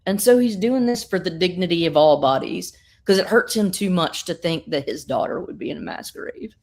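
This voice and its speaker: A woman recapping a comic in a casual, animated way, swearing and acting out the dialogue. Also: lowish voice, moderate pace. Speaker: comics reviewer.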